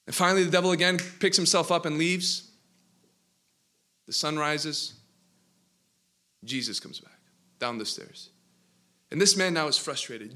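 Bright-voiced preacher telling a dramatic parable. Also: male voice, a little high, expressive, normal speed, pauses often. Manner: dramatic, building narration with sudden bursts. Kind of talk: sermon storytelling.

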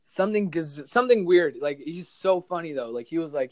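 A young man from New Jersey chatting casually as a podcast guest, telling animated stories full of acted-out quotes. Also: on the high side, a little fast, no room sound. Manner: animated, exaggerated storytelling with mock quotes. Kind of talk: casual chat.

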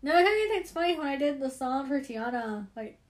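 A woman in casual chat, telling stories in an animated way and laughing often. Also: high voice, a little fast. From United States.

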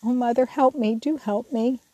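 A woman's voice: fairly high pitch, normal speed, mellow, dry recording, voice pushed up, natural voice. A woman reading the part of a remorseful, hot-tempered teenage girl, pleading and tearful. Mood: despairing.

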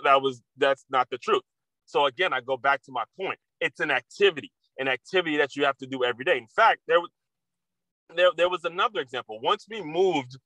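A man's voice: medium pitch, bright, forceful tone, dry recording, low-quality recording. Candid, profane man talking casually. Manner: candid, profane, repetitive restarts. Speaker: podcast host. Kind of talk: casual monologue.

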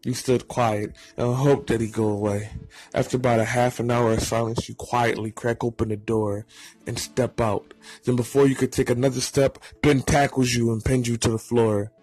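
Story narrator: man, mid pitch, husky, steady read over faint music. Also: normal speed. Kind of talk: reading a fan story aloud.

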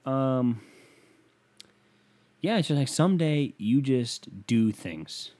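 A young man's bedroom podcast is a loose solo ramble, full of profanity and self-mockery. He speaks slowly in a medium-pitched, darkish, animated voice.

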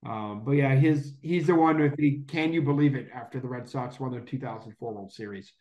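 A man's voice: medium pitch, a little fast, a little mellow, roomy sound, lo-fi sound. A man co-hosting a casual podcast chat, rambling with many fillers and self-corrections. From Boston area. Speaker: podcast co-host.

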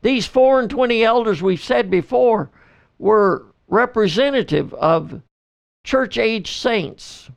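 A high, animated, creaky voice belongs to a pastor and podcaster teaching a Bible book one verse at a time. He reads the passages in slow, measured phrasing.

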